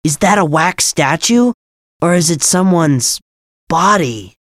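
A man's voice: fairly high pitch, lively intonation, takes it slowly, pitched above the performer's own voice. A male narrator voicing a stubborn, bold teenage boy in an audiobook, speaking firmly and insistently. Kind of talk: audiobook character voice.

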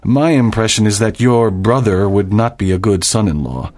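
A man's voice: on the low side, normal speed, darkish tone, lightly acted. A man voicing a stern, proud doctor and father in a dramatized audiobook, speaking formally and with emphasis.

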